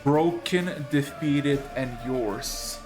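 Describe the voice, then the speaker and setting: A man narrates a tabletop role-playing session as game master, drawing out his descriptions slowly and dramatically. His mid-range voice plays over music.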